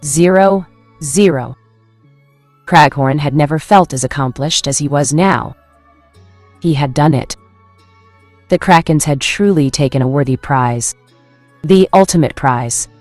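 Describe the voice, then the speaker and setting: A woman narrating a fan fiction story in a steady, dramatic manner. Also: deep voice, a little slow, pauses often, no echo, soft background music.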